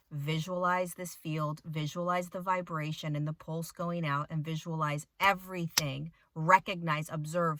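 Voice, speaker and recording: A woman spiritual teacher telling a story in a casual talk to followers, animated and dramatic, with the odd swear word. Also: low voice, dry recording. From United States.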